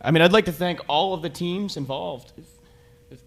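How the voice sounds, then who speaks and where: A man, a tag team wrestler, giving halting and earnest thanks in a promo. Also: a little high.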